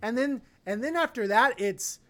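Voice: medium pitch, lively intonation, normal speed, fairly bright tone. A podcast co-host giving a casual, opinionated film review, rambling with lots of fillers and restarts. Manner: opinionated, blunt.

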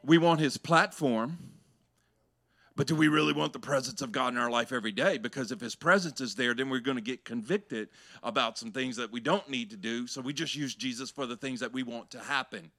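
A man's voice: medium pitch, brisk, a bit bright. A man, a pastor preaching a sermon to his church, shifting between conversational asides and raised, emphatic delivery.

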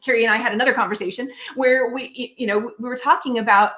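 A woman hosts the conversation in a reflective, searching manner, often restarting her sentences as she thinks. Her voice sits somewhat high. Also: fairly even intonation, quick pace, fairly bright tone. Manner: thoughtful, searching, many restarts. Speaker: podcast host. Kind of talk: reflective interview talk.

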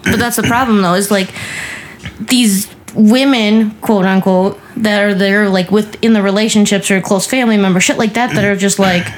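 A woman's voice: mid-range voice, fairly even intonation, normal speed, rough recording. A woman co-hosting a casual podcast, rambling with lots of "like" and swearing. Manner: rambling, filler-heavy, profane. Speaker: podcast co-host. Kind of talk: casual chat.

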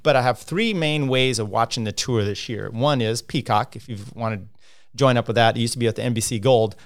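A man's voice: mid-range voice, brisk. A man hosting a casual cycling livestream, rambling with lots of fillers and restarts as he talks through standings and viewer comments.

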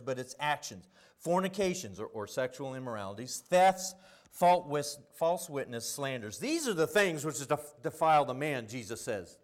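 A middle-aged man with a fairly high-pitched voice preaches a sermon full of stories, swinging from quiet asides to loud emphasis.

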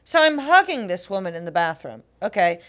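A woman's voice: mid-range voice, brisk. A woman comedian telling a funny story in casual chat, laughing and acting out what people said. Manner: animated, laughing, acts out quotes. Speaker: comedian and podcast co-host.

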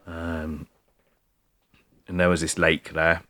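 A man with a very low voice tells a story in a relaxed chat. He rambles, restarts, and leans on "like" and "mate" throughout. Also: slow. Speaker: podcast co-host telling a story. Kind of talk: casual chat.

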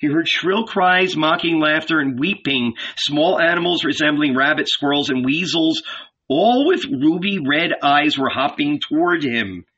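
Slow, solemn male audiobook narrator. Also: on the high side, bright, forceful tone, slightly rough. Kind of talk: scripted narration. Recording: dull lo-fi recording.

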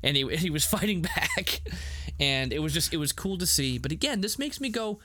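A man co-hosting a casual podcast review, animated and laughing, with many restarts. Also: a little high, moderate pace, no echo, studio quality. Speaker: podcast co-host.

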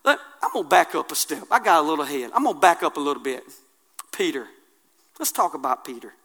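A man preaching a sermon, colloquial and impassioned, swinging from hushed asides to loud declarations. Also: fairly high pitch, very animated, fast, breathy edge.

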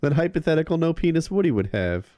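A man's voice: a little high, sing-song, quick pace, warm tone, dry recording, dull audio. A young man hosting a casual, crude chat, joking and laughing often.

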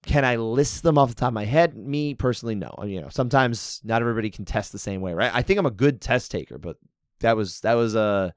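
A man's voice: medium pitch, fast, clear, resonant tone, dry recording, studio quality. A man co-hosting a podcast in casual chat, talking things through and acting out little scenarios. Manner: chatty, restarts sentences, acts out scenarios. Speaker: podcast co-host.

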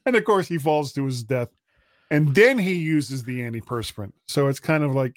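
A man's voice: mid-range voice, animated, normal speed, no echo, studio quality. A man co-hosting a casual tech podcast, telling stories in an easygoing, amused way. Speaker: podcast co-host.

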